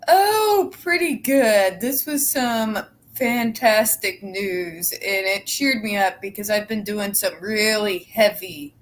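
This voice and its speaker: A woman's voice: medium pitch, takes it slowly, few pauses, fairly bright tone, slight background noise, rough recording. A woman guest on a livestream, speaking easily and conversationally about her own channel. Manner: easygoing, conversational. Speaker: guest, fellow channel creator. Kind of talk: casual livestream chat.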